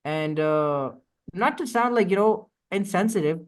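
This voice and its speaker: A man's voice: high voice, animated, unhurried. A young man, a streamer, in a casual podcast chat, ranting emphatically with lots of swearing. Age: young adult.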